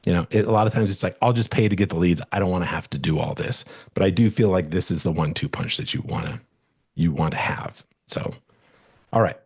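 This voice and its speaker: A man's voice: deep voice, brisk, a little mellow, husky. Casual rambling middle-aged man. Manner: casual, rambling, many restarts and fillers. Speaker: real estate agent presenter. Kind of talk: webinar teaching talk.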